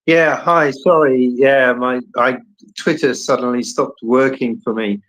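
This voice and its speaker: A man calls in to a live online audio chat and talks hesitantly, pausing and filling gaps with fillers. His voice is of middle pitch. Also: fairly even intonation, fairly bright tone, rough recording. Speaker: caller.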